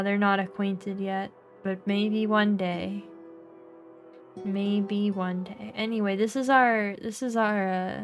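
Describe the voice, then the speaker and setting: A young woman streaming a game, chatting casually, giggling often and reading game text aloud. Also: mid-range voice.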